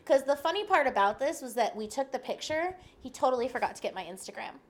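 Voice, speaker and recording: A woman's voice: high-pitched, quick pace. A young woman chatting as a podcast guest, telling a story animatedly and acting out the lines of the people in it. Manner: animated, acts out quoted lines, laughs often. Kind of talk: casual storytelling chat.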